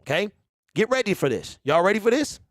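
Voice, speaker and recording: This is a man from Detroit with a high voice, hosting a casual fan commentary stream. He is animated and keeps hyping his viewers, checking in with them constantly. His voice is recorded close and dry. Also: brisk, no room sound. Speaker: sports show host.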